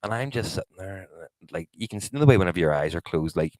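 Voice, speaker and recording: Deep-voiced man telling a story. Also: quick pace, no echo. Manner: lively anecdote-telling with frequent swearing. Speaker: podcast co-host. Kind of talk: casual chat.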